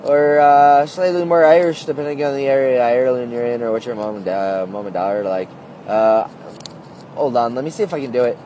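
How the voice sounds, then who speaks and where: A man's voice: medium pitch, a little fast, warm tone, a little hiss or hum. Rambling man recording on his phone. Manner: rambling, heavy use of "like" and "uh". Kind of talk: casual storytelling monologue.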